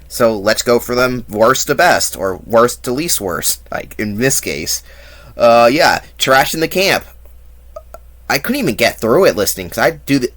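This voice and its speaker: A man ranting through a movie review in a low, bright voice that swings up and down a lot. He is blunt and profane and mocks what he dislikes with scornful asides. His talk is a casual monologue made to be watched online. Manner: blunt, profane and mocking, with fake sung bits.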